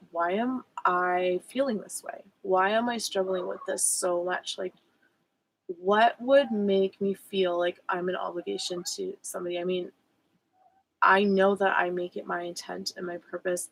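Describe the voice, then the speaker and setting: Gravelly-voiced woman, candid and reflective. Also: mid-range voice, fairly even intonation, normal speed, low-quality recording. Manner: candid, reflective, many fillers and self-corrections. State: emotional. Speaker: spiritual coach. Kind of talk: personal meditation vlog.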